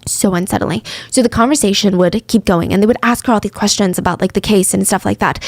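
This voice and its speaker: A young woman hosting a true crime podcast, telling the story casually with lively asides and acted-out quotes. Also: medium pitch, quick pace, creaky, hardly any pauses, no room sound.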